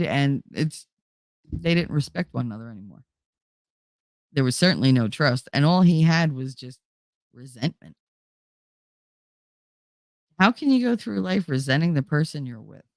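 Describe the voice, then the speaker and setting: A woman's voice: sits low, animated, moderate pace, pauses often, no room sound. A woman hosting a casual live chat, talking bluntly with plenty of swearing, answering viewers and acting out the people she describes. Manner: blunt and profane, acts out quoted people. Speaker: livestream host.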